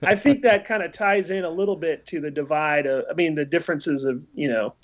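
High-voiced man on a dull lo-fi line. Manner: halting, repeats words, thoughtful. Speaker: podcast co-host. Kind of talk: casual conversation. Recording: dull lo-fi audio.

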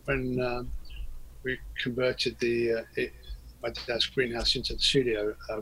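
Husky-voiced man recalling studio days. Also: medium pitch, fairly bright tone, low-quality recording. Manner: rambling, hesitant, many fillers and restarts. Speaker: interview guest, record producer. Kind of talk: casual interview.

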